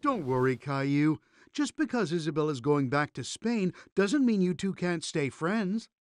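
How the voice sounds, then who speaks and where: Reassuring cartoon dad. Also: male voice, on the high side, big pitch swings, unhurried, clean tone, no echo, studio quality. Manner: warm, reassuring explanations. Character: kind, patient cartoon father.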